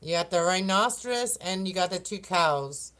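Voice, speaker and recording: A woman's voice: fairly low pitch, lively intonation, normal speed, a bit bright. A woman doing a casual oracle card reading for the zodiac signs, chatty and rambling, often laughing and tripping over words. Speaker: tarot and oracle card reader.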